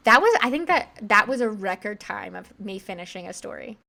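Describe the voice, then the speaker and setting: A woman's voice: mid-range voice, animated, creaky, pushed and bright. Chatty woman rambling through a story. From Irish heritage, American. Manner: rambling, chatty, quick asides and self-corrections. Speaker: podcast co-host. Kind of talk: casual chat, storytelling.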